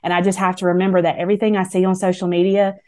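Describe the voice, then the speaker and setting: Guesting as an author on a faith talk interview, a middle-aged Southern US woman talks very fast in an earnest, encouraging, preacherly manner. Her voice is on the low side, with a level, warm tone.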